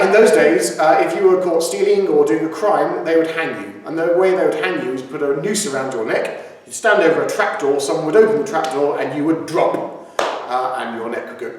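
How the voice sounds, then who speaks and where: A man with a Surrey accent teaching a singalong lesson, chatty and cheerful, explaining the lyrics between sung lines. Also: a little high. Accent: Surrey English. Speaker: singing teacher. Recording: echoey room, distant mic, loud music. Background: piano accompaniment.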